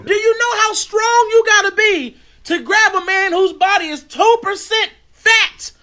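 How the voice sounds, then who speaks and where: High, bright, profane ranting man. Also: measured pace. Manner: loud, profane, animated ranting. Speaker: online commentator in a reacted-to clip. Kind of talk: ranting comic commentary.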